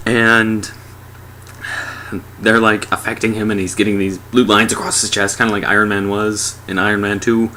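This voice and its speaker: A man's voice: lowish voice, sharp tone, a little hiss or hum. A sarcastic young man giving a casual, mocking movie review.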